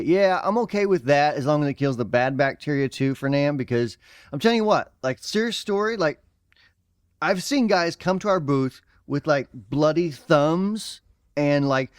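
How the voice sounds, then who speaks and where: A man's voice: fairly high pitch, expressive, moderate pace, smooth, no room sound, studio quality. A man with a Midwestern accent co-hosting a podcast in casual chat, rambling with fillers and easy laughs. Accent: American Midwest. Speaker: podcast co-host.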